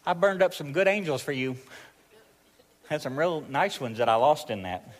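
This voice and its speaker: A man with a Southern accent voicing God as a grumbling benefactor, in mock-deadpan tones close to his own voice. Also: on the high side, normal speed, big-room sound, natural voice. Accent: Southern US (Arkansas).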